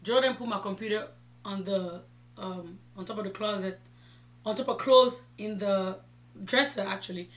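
A woman's voice: medium pitch, normal speed. Chatty woman vlogger telling a story. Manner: chatty storytelling, animated retelling of dialogue. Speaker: beauty vlogger. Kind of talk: casual chat while doing makeup.

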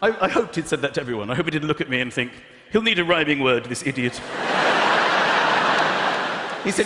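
Animated stand-up comedian. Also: male voice, fairly high pitch, fast talker, long pauses, very noisy. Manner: animated, acts out voices, shouts punchlines. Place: large hall with audience. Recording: echoey live hall, audience laughter.

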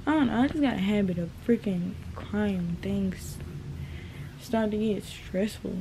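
Slow, mellow-voiced young woman vlogging. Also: mid-range voice, slight background noise. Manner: chatty, addresses viewers as y'all. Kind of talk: casual vlog talk to viewers. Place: her bedroom.

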